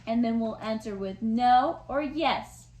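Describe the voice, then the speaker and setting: A woman teaching letters and sounds to young children in a slow, sing-song voice with exaggerated sounds. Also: fairly high pitch, darkish tone. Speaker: preschool teacher. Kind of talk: online lesson for young children. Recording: echoey room with faint noise.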